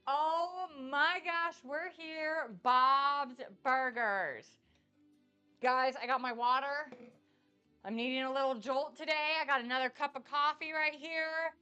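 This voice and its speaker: Upbeat woman streamer with a slight lisp. Bright, pushy tone and a raised pitch, with soft music underneath. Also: moderate pace, lo-fi sound. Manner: bubbly, excitable, chatty. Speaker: cooking streamer. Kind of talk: casual live-stream chat.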